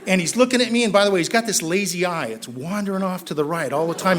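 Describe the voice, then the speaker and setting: This middle-aged man, an AA speaker with a Southern Californian accent, shares his recovery story at a meeting, voicing the characters himself. He talks fast with hardly a pause, and excitement pushes him louder and higher.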